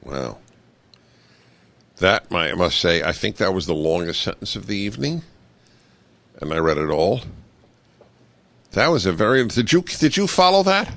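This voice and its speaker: A man hosting a talk radio show, giving a political commentary monologue in an animated, sarcastic way with wry asides, speaking into a studio microphone. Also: sits low, a little slow, gravelly, long pauses, no echo.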